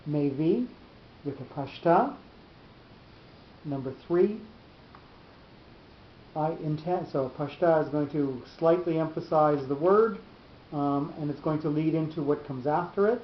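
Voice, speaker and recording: A man teaches a Torah class in a deliberate, halting explanatory lecture, frequently restarting his phrases. The recording is roomy, dull and lo-fi, with a faint rumble.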